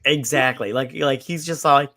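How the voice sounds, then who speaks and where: A man's voice: medium pitch, normal speed. A man co-hosting a casual movie review podcast, swearing freely and acting out lines from the film as he retells it. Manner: profane, animated retelling with quoted voices. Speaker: podcast co-host.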